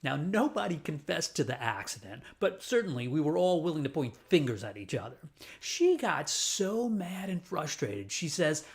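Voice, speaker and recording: A man from New Orleans telling a personal childhood story with a lesson, in an animated and playful way. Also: fairly high pitch, moderate pace, gravelly. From New Orleans, USA.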